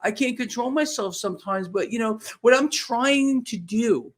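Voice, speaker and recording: A man's voice: very high voice, normal speed, fairly bright tone. A man speaking as a guest in an impassioned, emphatic way. He gets worked up and repeats words as he pushes his points. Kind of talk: impassioned casual talk.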